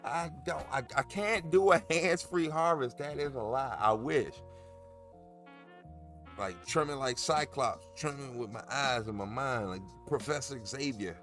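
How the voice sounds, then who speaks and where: A man's voice: mid-range voice, measured pace, a bit bright, soft background music. A man hosting a casual livestream, chatting in a jokey, rambling way with many restarts. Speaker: cannabis grow livestream host.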